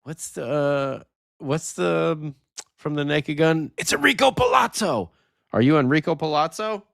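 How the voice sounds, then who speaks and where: A man's voice: on the high side, unhurried, vocal fry, clean tone, dry recording, studio quality. A man co-hosting a late-night live sports podcast, joking around and greeting chat viewers by name. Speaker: podcast co-host.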